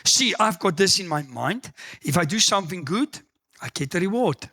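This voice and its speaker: A middle-aged South African man preaching a sermon, telling personal stories and acting out the dialogue with loud exclamations. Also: sits high, moderate pace. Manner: animated storytelling, acts out dialogue, exclaims loudly. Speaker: pastor.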